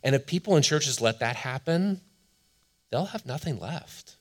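A man preaching a sermon as pastor, earnest and emphatic, slowing down to stress key lines. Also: mid-range voice, animated.

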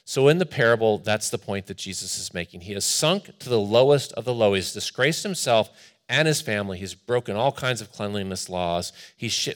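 A man preacher reading scripture and explaining it in a conversational, expressive sermon with asides. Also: fairly low pitch.

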